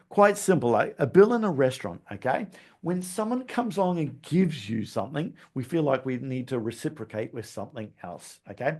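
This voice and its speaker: A man with a medium-pitched, slightly mellow voice hosts a podcast. Chatty and coach-like, he recaps material, punctuates points with "okay?", and chuckles at his slip-ups.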